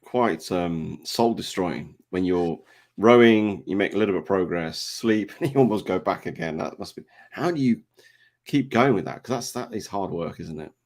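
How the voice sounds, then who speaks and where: A man's voice: low-pitched, expressive, moderate pace, darkish tone. A man hosting a podcast interview, asking questions in a hesitant way and often repeating his first words. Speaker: podcast host. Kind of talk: casual interview.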